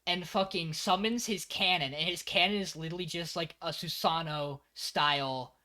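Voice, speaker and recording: A man's voice: a little high, normal speed. A man co-hosting a podcast, animatedly recapping an anime episode in casual chat and swearing freely. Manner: animated storyteller, frequent swearing. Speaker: podcast co-host.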